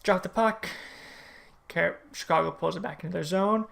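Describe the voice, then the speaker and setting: Fan-reaction vlogger: very gravelly voice, casual play-by-play recap with strong opinions. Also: medium pitch, moderate pace, a bit bright. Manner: play-by-play retelling, opinionated and chatty. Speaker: hockey fan reviewing a game. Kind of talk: casual game recap vlog.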